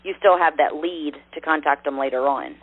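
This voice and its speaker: A woman's voice: low voice, normal speed, no echo. A woman telling a story on a team call, rambling and correcting herself as she talks. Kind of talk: casual call chat. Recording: dry, tinny phone line.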